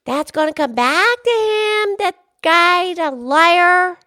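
A woman's voice: very high-pitched, expressive, slow pace, sharp tone, dry recording, clean studio sound. A woman co-host chatting casually in an emphatic, chatty way. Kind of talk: casual chat.

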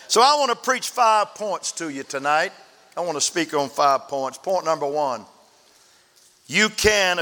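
A man delivering a sermon in a church, his voice high for a man and ringing bright. He tells folksy stories and drops his voice sharply at the ends of phrases. A long church reverb trails each line. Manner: folksy storytelling preacher, emphatic drops in pitch at phrase ends. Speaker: pastor. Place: church sanctuary.

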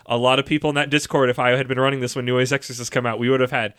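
A man's voice: mid-range voice, flat delivery, rapid-fire, fairly bright tone. A man co-hosting a podcast, chatting casually and rambling in a jokey, easygoing way. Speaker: podcast co-host. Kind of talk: casual chat.

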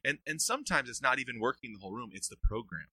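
A middle-aged man talking about youth ministry in a casual podcast interview, telling stories with earnest energy and quick laughs. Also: mid-range voice, animated, pushed and bright, dry recording.

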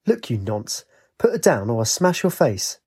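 A man voicing Ajax, a cheeky, rough young man given to excited yells, in a storybook reading. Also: mid-range voice, moderate pace, heavily acted.

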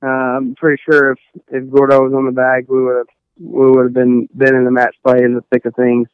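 A young Texan college golfer rambles casually through an interview, full of fillers and restarts. His mid-range voice is completely flat at a normal speed, with a clean tone, though the dry recording sounds muffled.

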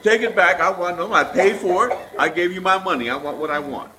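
A man from the congregation acting out an angry fast-food customer complaining about his order, in an indignant, whiny way. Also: high voice, sharp tone, reverberant, far from the mic, slight background noise, pitched above the performer's own voice, rough recording. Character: irate adult male fast-food customer. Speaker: congregation volunteer.

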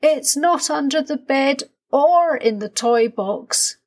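A woman voicing an eager, excitable little boy in a storybook reading, with a high childlike delivery. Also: slow pace, breathy edge, exaggerated voice.

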